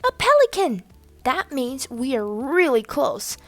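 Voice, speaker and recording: A woman voicing a clever, cheerful young female mouse sister in a children's storybook, bright and confident. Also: sits high, lively intonation, unhurried, gravelly, faint music behind, heavily acted. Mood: excited.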